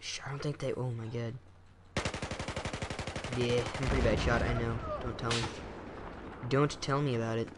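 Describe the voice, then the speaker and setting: Young man, gaming commentary, goofy self-talk, mid-pitched voice, game gunfire in background. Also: flat delivery, moderate pace, pauses often. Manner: goofy, talks to himself, hums sound effects. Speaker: gaming channel host. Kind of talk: casual gameplay commentary. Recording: noisy game sounds behind voice. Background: gunfire and explosions from the game.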